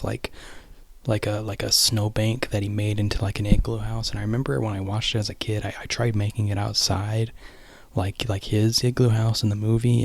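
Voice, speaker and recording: A man's voice: on the low side, a little mellow, no room sound. A young man casually rambling through a movie recap, restarting often and sometimes dropping to a whisper. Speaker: vlogger.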